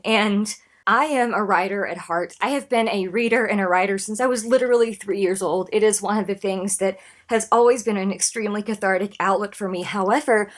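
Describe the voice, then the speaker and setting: A woman's voice: medium pitch, fairly quick. A woman in her thirties giving casual reaction commentary in an earnest, emotional way, often restarting her sentences. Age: 30s. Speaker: reaction video host.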